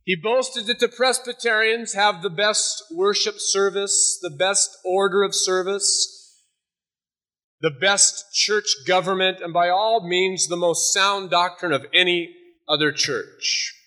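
A man's voice: high-pitched, steady tone, slow pace, sharp tone. A male pastor preaching a sermon, telling a humorous story and then urging his listeners earnestly.

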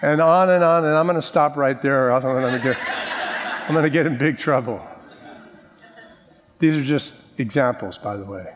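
A male pastor preaching a sermon, joking with the congregation and slowing down to stress key words. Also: mid-range voice. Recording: long reverb of a large hall.

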